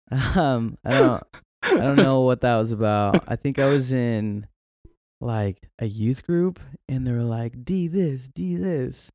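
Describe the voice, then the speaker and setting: A young adult man as a guest in a casual chat, telling stories in an animated way and laughing often. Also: medium pitch, slow pace, no room sound, clean studio sound. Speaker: podcast guest.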